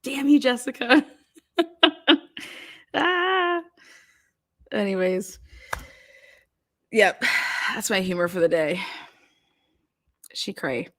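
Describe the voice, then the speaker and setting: A woman's voice: medium pitch, big pitch swings, drawn-out words, long pauses, fairly bright tone. A woman hosting a true crime live stream, chatting casually, laughing often and swearing loosely.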